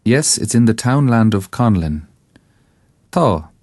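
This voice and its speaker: Slow, deep-voiced Irish male tutor. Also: sing-song, a little mellow, no echo, clean studio sound. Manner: slow, careful enunciation for repetition. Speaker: language teacher. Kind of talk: scripted language lesson narration.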